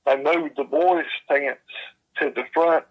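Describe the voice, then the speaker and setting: A man, slowly retelling a secondhand encounter in plain, folksy speech with frequent fillers. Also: fairly high pitch, steady tone, narrow, tinny audio. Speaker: storyteller.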